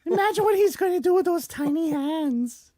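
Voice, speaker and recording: A woman's voice: very high voice, expressive, normal speed, dark tone, dry recording. A woman co-hosting a podcast, doing a silly, giggly sponsor read in a put-on voice. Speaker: podcast co-host.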